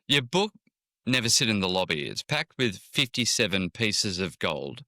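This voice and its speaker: A man's voice: fairly low pitch, very animated, normal speed, pushed and bright, no echo, clean studio sound. A man hosting an interview podcast, asking questions in an upbeat way. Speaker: podcast host.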